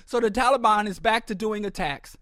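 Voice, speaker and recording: A man with a notably high voice holds forth in a podcast monologue on politics. His delivery is blunt and sardonic, full of restarts and repeated words. The sound is dry, with no room ring. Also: fairly quick, pushed and bright, no room sound. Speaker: podcast host.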